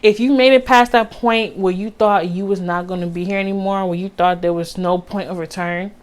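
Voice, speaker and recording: A young woman talks a little fast in a medium-pitched, fairly even voice during a heartfelt vlog. Earnest and encouraging, she calls her viewers "baby" and uses casual Southern phrasing like "y'all."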